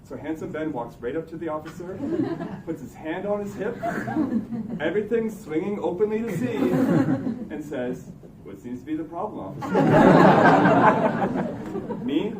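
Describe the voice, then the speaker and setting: A young man, telling a comic personal story on stage in a wry, suspense-building way. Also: on the high side. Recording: echoey room, distant mic, background noise. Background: room ambience noise.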